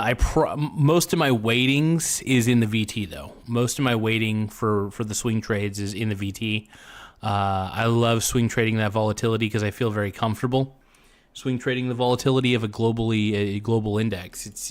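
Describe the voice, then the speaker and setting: A man's voice: fairly low pitch, steady tone, fairly quick. A young man hosting a casual livestream and chatting in a rambling, joking way, full of fillers. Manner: rambling, laid-back, joking, many fillers. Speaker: show host.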